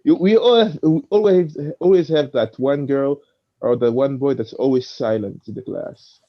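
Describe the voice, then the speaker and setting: A man co-hosting a casual discussion, talking haltingly and searching for his words. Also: mid-range voice. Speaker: co-host. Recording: dull lo-fi audio.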